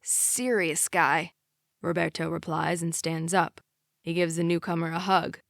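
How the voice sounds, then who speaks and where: A woman narrating a romance audiobook in the first person, with steady, unhurried storytelling. Her voice is on the low side. The sound is dry and close. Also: gravelly, no room sound.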